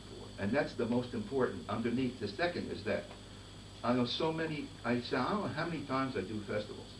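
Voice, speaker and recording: A man leading a band master class, giving brisk directions and singing rhythms in nonsense syllables to demonstrate. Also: medium pitch. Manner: sings rhythms in nonsense syllables while explaining. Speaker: conductor teaching a master class. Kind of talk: band rehearsal instruction. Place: rehearsal room with a band. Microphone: distant recorder. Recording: echoey room, far from mic, noisy.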